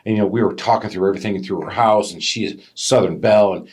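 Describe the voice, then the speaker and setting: Husky, animated male podcast host. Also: on the low side, fast. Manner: animated storyteller, acts out customers' voices. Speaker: podcast co-host, business owner. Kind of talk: casual business podcast chat.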